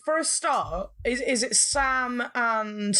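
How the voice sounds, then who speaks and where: A woman's voice: on the high side, expressive, slow pace, bright, forceful tone. A woman co-hosting a podcast, chatting casually about a film, sweary and giggly as she tells the story, and sounding a bit unwell. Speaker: podcast co-host. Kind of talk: casual film review chat.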